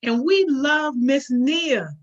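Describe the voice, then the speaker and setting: A woman's voice: sits high, slow pace, lo-fi sound. A woman hosting a live stream, upbeat and casual, greeting viewers one by one. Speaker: host.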